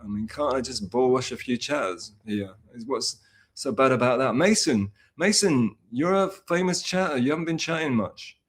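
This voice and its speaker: A man's voice: mid-range voice, moderate pace, a bit bright. Rambling, self-mocking male streamer. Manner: rambling and self-mocking, with many restarts and fillers. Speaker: livestreamer. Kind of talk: casual livestream chat, reading and answering chat.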